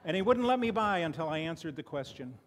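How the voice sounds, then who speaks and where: A man's voice: on the high side, animated, quick pace. Older man preaching folksy sermon in hall. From Chicago. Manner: folksy, conversational, frequent restarts and "you know". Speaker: lay preacher. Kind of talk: sermon with personal stories. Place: church sanctuary.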